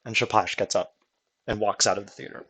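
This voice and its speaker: A man's voice: on the low side, steady tone, fairly quick, a bit bright, husky. A man narrating a tabletop game as its game master in a casual, chatty way.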